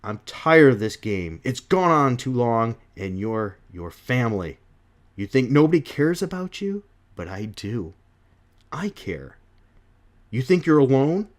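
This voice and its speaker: A man's voice: medium pitch, sing-song, unhurried. A man reading out a young male superhero's comic lines, raised and emphatic. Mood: pleading. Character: young male superhero, joking yet earnest.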